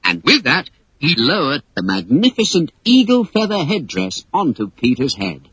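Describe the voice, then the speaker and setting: A man reading a children's story aloud as narrator, in an expressive storybook style. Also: fairly high pitch, moderate pace, slightly rough, dry recording, rough recording. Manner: animated, expressive read-aloud.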